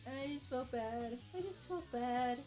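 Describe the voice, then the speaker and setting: A woman's voice: high-pitched, measured pace, music in the background. Chatty young American woman streamer. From United States. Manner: rambling, self-mocking, with playful acted-out quotes. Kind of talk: casual chat telling a travel story.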